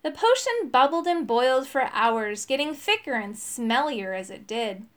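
A woman's voice: high voice, lively intonation, normal speed, fairly bright tone. A woman reading a children's story aloud, giving each character a voice.

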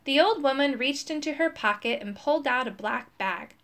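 A woman narrating a children's storybook in a clear, expressive read-aloud manner. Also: high-pitched, normal speed. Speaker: storybook reader.

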